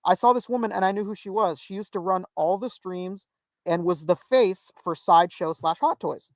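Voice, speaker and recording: A man co-hosting a podcast, chatting casually and telling stories with loud exclaimed quotes and laughter. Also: high-pitched, moderate pace, dry recording. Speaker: podcast co-host. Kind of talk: casual chat.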